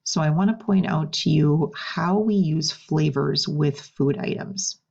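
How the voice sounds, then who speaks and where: A woman's voice: low-pitched, measured pace, vocal fry, a little mellow, slightly rough, muffled recording. A woman teaching a recorded French lesson, patiently explaining words and stressing correct pronunciation. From United States.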